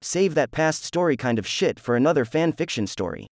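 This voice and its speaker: A man's voice: on the high side, lively intonation, fairly quick, dry recording, clean studio sound. A man voicing a rude, lazy teenage boy ninja antihero who talks in a crude, dismissive way. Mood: mocking.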